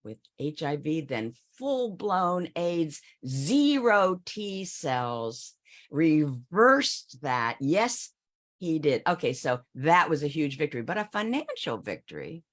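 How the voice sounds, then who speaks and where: Lively, emphatic woman financial advisor. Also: on the low side. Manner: emphatic, addresses listeners directly with rhetorical questions. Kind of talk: speaking to an audience, storytelling.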